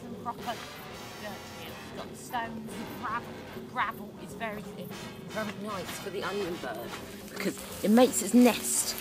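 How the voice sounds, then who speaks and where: A young man playing a foul-mouthed expert who lives in the bushes, rambling and swearing in a put-on voice, with loud music behind. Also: high voice, normal speed, lightly acted. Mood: explaining. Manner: swearing, rambling, keeps changing voice. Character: foul-mouthed male bush-dwelling bird guru. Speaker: expert interviewed in a mock documentary.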